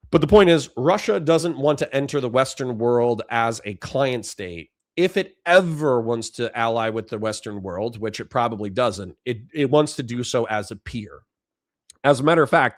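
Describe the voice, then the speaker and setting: A man's voice: mid-range voice, no room sound, studio quality. A young man giving a casual political commentary stream as host, talking loosely with slang, stumbles and restarts.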